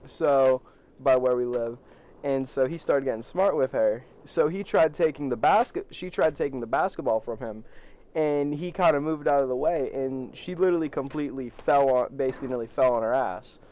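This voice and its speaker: Teen boy, casual storytime vlog, rambly and profane, average pitch. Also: normal speed, darkish tone. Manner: rambling, profane, laughs while telling. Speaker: vlogger.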